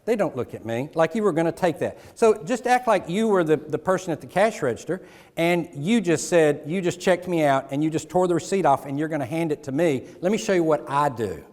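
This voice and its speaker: A middle-aged man delivers a motivational keynote with animated storytelling, acting out little scenes with people from the audience. His voice sits a bit high for a man, and it rings out through a large conference hall with a long reverb tail. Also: a little fast. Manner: animated, acts out dialogue with audience. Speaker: keynote speaker.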